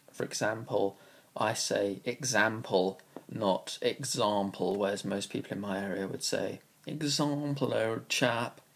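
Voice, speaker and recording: A man's voice: lowish voice, creaky, a little hiss or hum. A young man from southeast England with a southeast English accent, answering a list of questions in a dry, sarcastic and rambling way. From Kingston upon Thames, England. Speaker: vlogger. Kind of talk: casual answers to a question tag.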